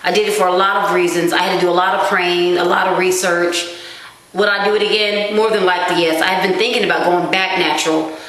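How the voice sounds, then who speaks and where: A woman vlogging at home, chatting to camera in an animated, self-mocking way. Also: fairly low pitch, fast talker. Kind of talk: casual chat to camera. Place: small dim room at home. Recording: very echoey room.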